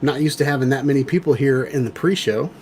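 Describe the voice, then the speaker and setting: Male livestream host, casual and rambling, mid-pitched, faint background hiss. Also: fast, darkish tone. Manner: chatty, rambling with many fillers. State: out of breath.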